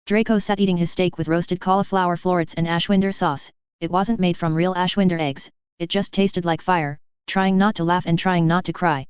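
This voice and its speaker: A woman narrating a fan story audiobook with steady, even storytelling. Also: on the low side, moderate pace, few pauses, clean tone, no room sound, lo-fi sound.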